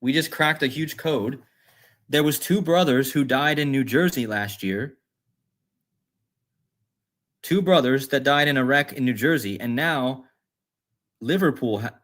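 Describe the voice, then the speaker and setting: A man's voice: medium pitch, measured pace, pauses often, fairly bright tone. A man hosting a casual livestream, rambling and musing aloud as he reads chat comments. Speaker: livestream host.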